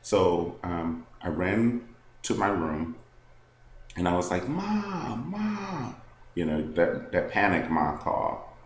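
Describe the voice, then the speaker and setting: A man's voice: deep voice, roomy sound, slight background noise. A man vlogging a personal story to the camera, candid and rambling, full of "like" and "um".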